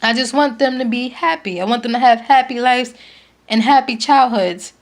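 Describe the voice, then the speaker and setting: Young New woman, twenties, earnest pleading vlog appeal, slightly high voice. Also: moderate pace. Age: 20s. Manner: earnest, pleading, emphatic repetitions. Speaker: vlogger, parent. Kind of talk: emotional direct-to-camera appeal.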